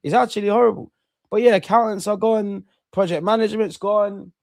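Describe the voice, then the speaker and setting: A man's voice: sits high, brisk, gravelly, dry recording, clean studio sound. Slangy young English man chatting on stream. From England. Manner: slangy, animated, repeats phrases, swears. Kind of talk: casual live-stream chat reading viewer comments.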